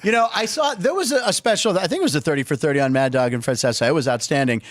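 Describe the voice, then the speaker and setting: A middle-aged man hosts a comedic sports talk show, joking with his co-host and laughing freely. His voice sits a little high and swings widely in pitch. The tone is loose, animated banter. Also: very fast, dry recording, studio quality. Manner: playful, animated, laughs often, stages fake phone calls.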